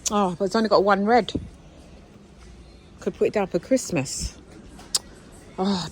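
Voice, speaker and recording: A woman's voice: medium pitch, measured pace, long pauses, darkish tone, slight background noise, poor audio. A woman chatting to viewers about what she finds while shopping, exclamatory and talkative. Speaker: vlogger. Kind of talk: casual shopping vlog chat. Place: indoor shop.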